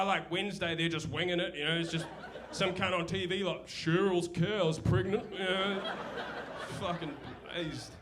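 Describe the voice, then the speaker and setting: A young New Zealand man with a high voice performs a crude, rambling, self-deprecating stand-up set on a comedy club stage. The live club recording is noisy, with audience laughter in the background.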